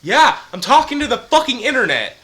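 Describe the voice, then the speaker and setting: A man's voice: very high-pitched, very animated, fairly quick, bright, forceful tone. A man co-hosting a casual movie review chat in an exaggerated radio voice, swearing constantly.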